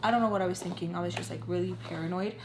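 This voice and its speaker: A woman in her twenties telling a personal story in a casual storytime vlog, earnest and emotional, halting with lots of "like" and restarts. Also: lowish voice, steady tone. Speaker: storytelling vlogger. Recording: roomy room with faint hum.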